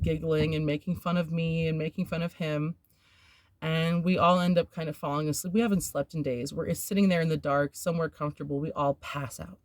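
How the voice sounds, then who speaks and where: Her voice sits low with a darkish tone, captured cleanly in the studio without echo. Hosting a podcast, she tells a personal story openly and wanders a bit, using fillers and laughing nervously.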